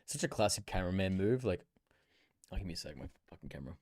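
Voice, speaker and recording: A young man chatting casually on a live stream, slangy and profane, with sudden excited bursts. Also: deep voice, quick pace, gravelly, dry recording, clean studio sound. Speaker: livestreamer.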